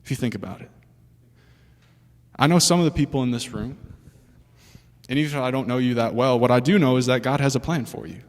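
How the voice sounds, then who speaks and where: A young man preaching a sermon to a room, animated and chatty, with laughing asides and questions for the audience. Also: mid-range voice, a little fast, long pauses. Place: church hall with an audience. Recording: long hall reverb.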